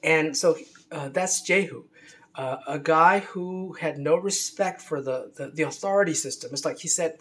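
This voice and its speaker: A man's voice: fairly high pitch, moderate pace, a bit bright. Rambling man, heated unscripted monologue. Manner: rambling, frequent restarts and fillers, scornful. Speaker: commentator on religion.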